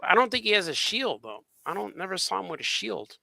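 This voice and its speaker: A man's voice: high-pitched, sing-song, brisk, vocal fry, bright, forceful tone, dry recording. A man chatting casually on a podcast, reminiscing and joking with a chuckling manner. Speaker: podcast co-host. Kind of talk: casual chat.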